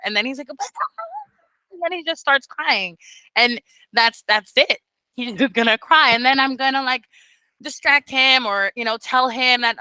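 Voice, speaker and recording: Bright-voiced woman mentoring teachers. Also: fairly high pitch, normal speed, clean tone, no room sound, low-quality recording. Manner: expressive, swears freely, acts out quotes. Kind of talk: casual mentoring talk.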